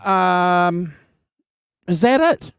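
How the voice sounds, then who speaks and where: A fairly high-voiced man hosts a live music stream. His voice is smooth and clear, recorded dry and close. He stumbles and repeats words in a relaxed, friendly way. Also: very slow, dry recording. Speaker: host. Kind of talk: casual live-stream chat.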